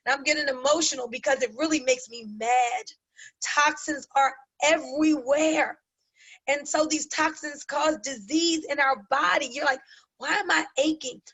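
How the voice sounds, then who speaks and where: A woman hosting a webinar, giving an emphatic, persuasive sales pitch and addressing listeners as guys. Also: fairly even intonation, moderate pace, a bit bright, poor audio. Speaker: webinar host.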